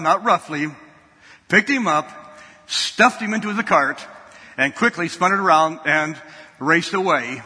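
Preacher man telling a story in his sermon, husky and really bright, lots of hall echo. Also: sits high. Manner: folksy storyteller, repeats words. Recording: long hall reverb.

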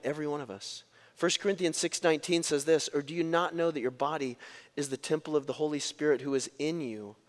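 A man preaching a sermon as pastor, telling stories with big swings in pitch and loudness. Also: long reverb tail.

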